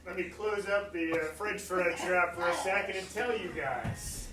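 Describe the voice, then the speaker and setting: A man's voice: high-pitched, normal speed, background noise, lightly acted. A man doing an old Southern janitor. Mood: grumbling. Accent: put-on American Southern. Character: old male roller-rink janitor, fussy, hip-sore. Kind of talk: live improv comedy. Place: theater stage. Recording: echoey live stage, distant mic.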